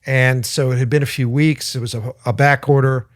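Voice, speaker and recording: Speaking briskly in a medium pitch and steady tone, a male podcast co-host chats casually, spinning rambling stories with the odd swear word. The audio is studio quality with no room sound.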